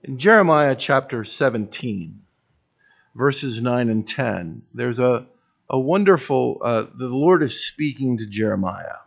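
A man's voice: mid-range voice, animated, measured pace, vocal fry. A man preaching a sermon as pastor, earnest and building to emphatic peaks, with wry self-deprecating humor. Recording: dull lo-fi recording.

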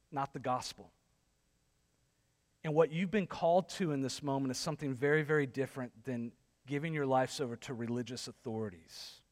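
A man's voice: mid-range voice, big-room sound. A male pastor preaching a sermon, telling a story that builds to sarcastic intensity.

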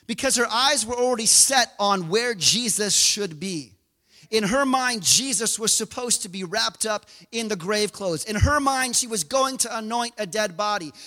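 Animated man preaching in a reverberant hall. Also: high voice. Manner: animated storytelling, acting out biblical scenes. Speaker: pastor. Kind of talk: sermon.

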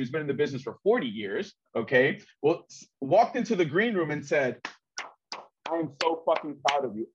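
A man's voice: on the high side, muffled recording. A male comedian hosting a podcast, talking casually and profanely while walking through the numbers. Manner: animated, profane, explains with numbers.

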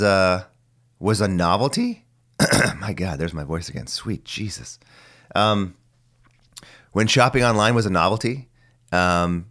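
Forties male host, very low and phlegmy, rambling solo talker with some cursing. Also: fairly bright tone. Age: 40s. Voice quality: phlegmy voice that cracks. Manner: rambling, musing, mildly profane. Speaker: podcast host. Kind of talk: casual solo monologue.

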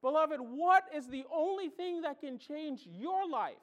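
A male pastor delivers a sermon in a notably high voice. He preaches with animation, telling stories and acting out reactions, swinging from loud exclamations to quiet asides. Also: lively intonation, unhurried, hardly any pauses. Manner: tells stories and acts out reactions.

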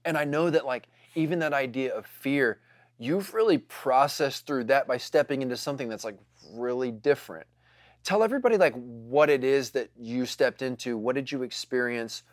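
A man's voice: medium pitch, moderate pace, dry recording. Man, casual storyteller, lots of fillers, dry close sound. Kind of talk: storytelling talk to a congregation.

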